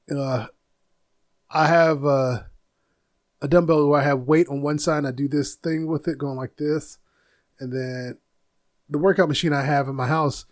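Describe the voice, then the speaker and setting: A man's voice: mid-range voice, darkish tone, no echo, studio quality. A middle-aged man hosting a casual solo podcast from his home office, rambling and easily sidetracked, laughing at his own stories. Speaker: podcast host.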